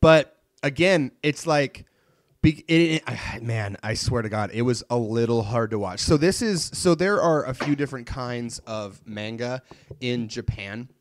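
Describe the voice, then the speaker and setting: A man's voice: mid-range voice, measured pace, dry recording. Man, casual chat, rambling, fillers and restarts, dry recording. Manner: rambling, many likes and restarts. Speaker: podcast co-host. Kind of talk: casual chat about anime.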